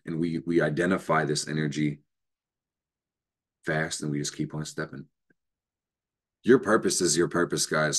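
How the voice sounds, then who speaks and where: With a bass voice, the host of an astrology program riffs on motivation without a script, cursing emphatically and laughing in bursts.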